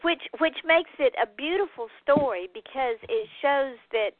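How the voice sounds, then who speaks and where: A woman with a Southern US accent, hosting a radio interview in a chatty, animated way. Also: high voice, normal speed. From American South. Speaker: radio show host. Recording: phone-like line.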